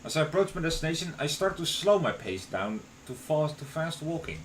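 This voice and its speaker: A man's voice: on the high side, brisk, slight background noise, rough recording. A young man streaming live, narrating a visual novel aloud and breaking off for playful asides. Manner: expressive, swings between narration and playful asides.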